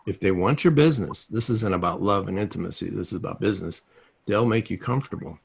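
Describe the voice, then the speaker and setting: A man's voice: low voice, quick pace, vocal fry, slightly rough. A man giving a casual self-help teaching talk over a video call, telling stories and acting out the dialogue in them. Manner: animated storytelling, acts out quoted dialogue.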